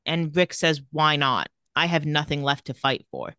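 A woman with a bright, sharp voice and a slightly low pitch, recording close to a dry mic with no room sound. She co-hosts a casual recap chat, retelling scenes quickly and reading out the characters' dialogue in an even voice. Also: clear, resonant tone, dry recording. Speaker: podcast co-host.

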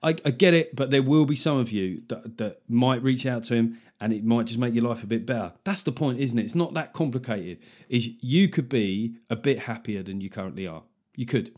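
A man's voice: mid-range voice, fairly quick, a little mellow. A middle-aged man hosting a podcast, chatting casually and making puns. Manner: jokey, punning, conversational. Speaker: podcast host. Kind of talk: casual comedic chat.

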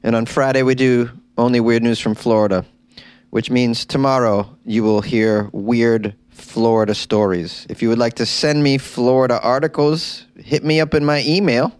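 A man's voice: medium pitch, level tone, moderate pace, darkish tone, smooth, no room sound. A man hosting a comedy podcast, riffing in a jokey, rambling, self-mocking monologue on a close mic.

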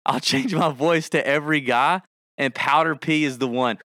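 A man's voice: a little high, moderate pace, slight background noise. A man co-hosting a casual podcast, reading an ad and joking around with his co-host, bursting into song impressions. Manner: animated, breaks into rapping and song impressions. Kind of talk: casual podcast chat with ad read.

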